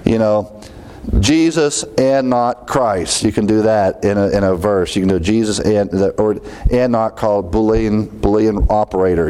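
Lower-voiced man teaching a sermon. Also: measured pace, dark tone, clean tone. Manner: conversational, lists word counts, emphatic rises on key words; jokes lightly with the congregation. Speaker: pastor teaching a Bible study.

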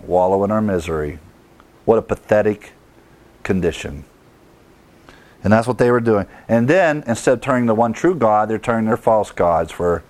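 Emphatic male preacher in a sermon. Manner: emphatic preaching, rising to higher pitch, with chuckles. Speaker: pastor.

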